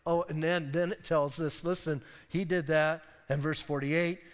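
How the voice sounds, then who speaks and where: A male pastor preaching a sermon in a church, animated and conversational, with asides to the congregation. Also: a little high, unhurried, in a large hall. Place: church sanctuary.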